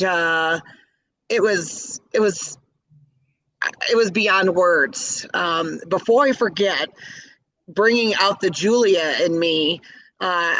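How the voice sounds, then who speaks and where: A woman's voice: mid-range voice, fairly bright tone, rough recording. A middle-aged woman from the Chicago area, a caterer, telling stories in an interview with gushing enthusiasm. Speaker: guest, caterer. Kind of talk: interview storytelling.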